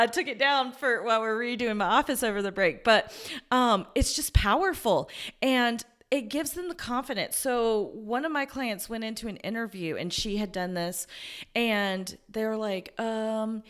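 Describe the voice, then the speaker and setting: A woman's voice: fairly high pitch, normal speed, a bit bright, clear, resonant tone. A woman career coach as interview guest, earnest and enthusiastic, telling stories about her clients and laughing easily. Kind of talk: conversational interview.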